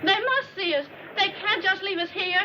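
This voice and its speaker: An actress playing a panicked young woman stranded on an island, yelling frantically for help. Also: very high voice, expressive, moderate pace, recorded from a distance. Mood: desperate. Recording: dull noisy old film soundtrack.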